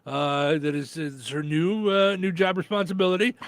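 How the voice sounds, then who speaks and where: A man hosting a radio show in casual chat, relaxed and full of fillers. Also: on the high side, moderate pace, no room sound. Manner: relaxed, chatty, lots of fillers.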